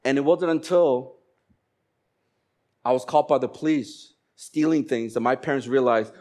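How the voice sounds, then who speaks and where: A man in his forties, from Korea, preaching a sermon and telling stories with animated voices for the people in them. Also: on the high side, normal speed. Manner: animated storytelling, acting out dialogue. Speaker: pastor.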